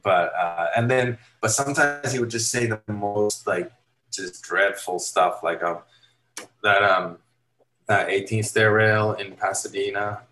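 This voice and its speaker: A man from Finland tells a story at an easy, meandering pace, dropping "like" and "dude" all the time. His voice sits low. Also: unhurried, pushed and bright, poor audio. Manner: laid-back, rambling, heavy use of "like" and "dude". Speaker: interview guest, photographer and former skater. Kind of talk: casual storytelling.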